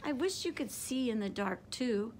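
Woman voicing a young female fruit bat, gentle, curious, squeaky, high, storybook. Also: animated, moderate pace, slight background noise.

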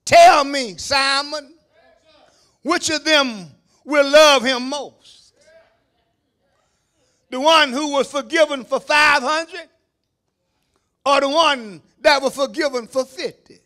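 A man preaching a sermon as pastor, shouting at the peaks and dropping into low asides to the congregation, calling on them to answer. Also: takes it slowly, pauses often. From Kentucky, USA. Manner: call-and-response preaching, calls on the congregation. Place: church sanctuary.

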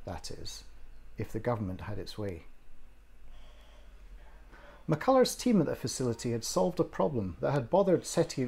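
A man reading his own short story aloud in an expressive, measured way. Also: mid-range voice, husky. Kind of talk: scripted story narration.

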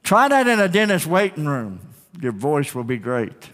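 A man preaches from the pulpit in a high, ringing voice, driving home his points with repetition and calls to the congregation. His sermon carries the long reverb of a church sanctuary. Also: big pitch swings, moderate pace, a bit bright. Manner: emphatic preaching with call-and-response, repeated phrases. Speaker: pastor.

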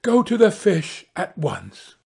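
A man voicing a greedy, domineering wife in a storybook reading, high and insistent. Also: huge pitch swings, takes it slowly, gravelly, darkish tone, husky, full character voice. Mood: demanding. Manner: shrill, insistent, imperious. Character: greedy, domineering wife who wants more power.

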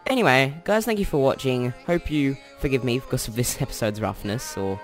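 Soft music plays in the background as a young Australian tutorial host walks through some code, chatting, thinking aloud, and correcting himself while typing. His voice is mid-range and fairly quick.

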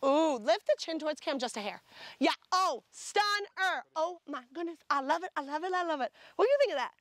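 A woman's voice: sits high, expressive, a little fast, fairly bright tone, no room sound. A woman directing a photo shoot, bubbly and gushing with enthusiastic praise as she calls out poses. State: sucking on a throat lozenge.

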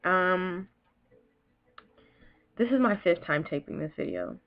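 Young woman vlogger, emotional and rambling, slightly low voice, muffled home-video sound. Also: wildly swooping pitch, slow pace, long pauses. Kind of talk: casual vlog talk.

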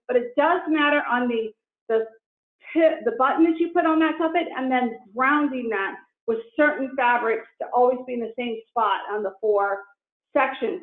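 A middle-aged woman giving a casual quilting tutorial, enthusiastic as she holds her work up to the camera. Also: fairly high pitch. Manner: enthusiastic, shows pieces up to the camera. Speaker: quilting instructor. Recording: echoey room on a tinny, phone-like line.

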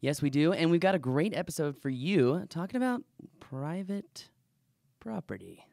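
A man's voice: fairly high pitch, very animated, moderate pace, creaky, dark tone, no echo, studio quality. A man co-hosting a casual podcast, rambling a little with fillers as he talks. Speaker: podcast co-host.

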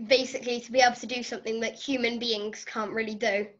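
Brief: chatty female host, high voice, giggles, dull lo-fi recording. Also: level tone, quick pace, a bit bright. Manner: chatty, giggly, reads questions. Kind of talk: casual interview chat.

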